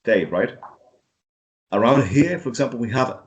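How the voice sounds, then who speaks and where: In a pronunciation lesson, a Chilean English teacher with a mid-range, animated voice patiently models vowel sounds. He repeats them slowly and keeps checking in with his student by asking "right?", and the recording sounds lo-fi.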